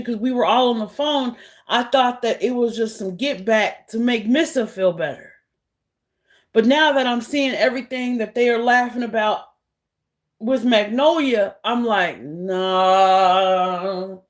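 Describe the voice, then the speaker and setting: A woman vlogger speaking in a heated, blunt, sarcastic monologue. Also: fairly high pitch. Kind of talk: casual monologue to camera.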